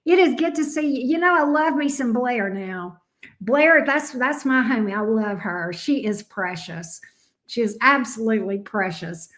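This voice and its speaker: A woman's voice: a little high, measured pace, fairly bright tone. A middle-aged woman with a Southern US accent, chatting casually and greeting viewers by name as she hosts a live tarot stream. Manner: bubbly, greets viewers by name one after another.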